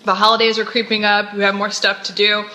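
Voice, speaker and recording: A woman's voice: mid-range voice, completely flat delivery, fast, pushed and bright, low-quality recording. A woman co-hosting a live wellness show, a yoga teacher talking in a bubbly, chatty way. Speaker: co-host, integrative health practitioner and yoga teacher. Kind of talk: casual live show chat.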